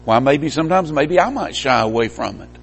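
A man preaching a sermon, emphatic, swinging from stressed peaks to quiet low lines. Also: expressive, fairly quick, creaky, faint music behind. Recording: long hall reverb.

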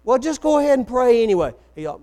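A preacher with a high voice tells stories from the pulpit and plays out each quoted voice. A mains hum runs faintly under the recording. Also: male voice, very animated, fast, mellow. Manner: storytelling, acts out quoted voices. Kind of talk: sermon.

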